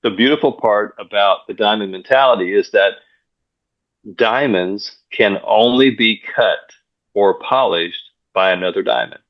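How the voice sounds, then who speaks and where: Energetic low-voiced man telling stories. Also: measured pace. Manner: energetic, filler-heavy, repeats words. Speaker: guest speaker, pastor and coach. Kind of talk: casual interview storytelling. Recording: dull lo-fi sound.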